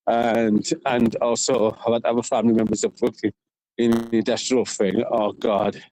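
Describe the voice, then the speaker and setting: A man's voice: lowish voice, level tone, normal speed, dark tone, low-quality recording. A man with a Welsh accent from South Wales, vlogging while he walks around town. He rambles, laughs often and keeps asking "you know what I mean". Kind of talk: rambling walk-and-talk vlog. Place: outdoors, walking around town.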